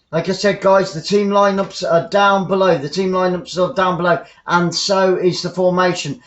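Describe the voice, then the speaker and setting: A man calls a football match live for his fan channel, chatty and excitable as he follows the ball. His voice sits high for a man. The sound is roomy and a little dull, like a lo-fi home stream. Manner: chatty, excitable, reads out viewer comments. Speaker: fan commentator.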